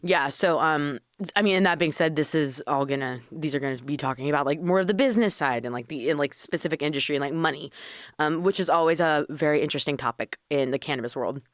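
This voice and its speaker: Low-voiced chatty woman podcast host. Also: quick pace, no room sound, clean studio sound. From Washington State. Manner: chatty, laughs often, swears casually. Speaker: podcast host, cannabis consultant. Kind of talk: casual podcast chat.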